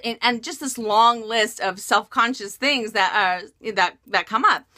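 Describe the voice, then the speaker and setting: Woman, bright tense voice, casual storytime chat, animated, self-correcting. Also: on the high side, normal speed, hardly any pauses. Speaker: beauty vlogger telling a story.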